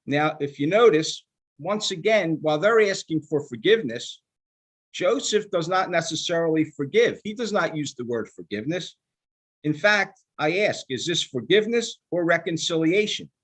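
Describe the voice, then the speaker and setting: An older man giving a sermon in a measured, emphatic manner, slowing down to stress quoted scripture. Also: a little high, expressive, fairly bright tone. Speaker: rabbinical student giving a sermon.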